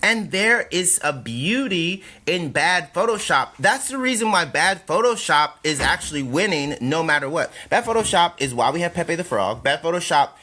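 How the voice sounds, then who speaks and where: A man, a comedian guest, chatting casually on a podcast in a playful, animated way, slipping into mock voices. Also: on the high side, normal speed, hardly any pauses.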